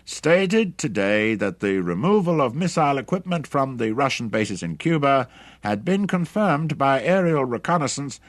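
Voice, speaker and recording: A man's voice: mid-range voice, very animated, moderate pace, dry recording, clean studio sound, pitched above the performer's own voice, lightly acted. A man voicing a radio news announcer who reads a bulletin in a formal, clipped delivery. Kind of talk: audiobook reading.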